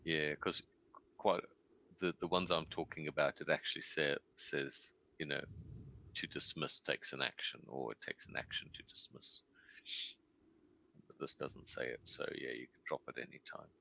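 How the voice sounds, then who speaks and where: A man's voice: extremely low pitch, fairly even intonation, creaky, sharp tone. A man playing a tabletop game, thinking aloud as he reasons through how a spell works. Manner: talks through rules deliberately, thinking aloud. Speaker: player.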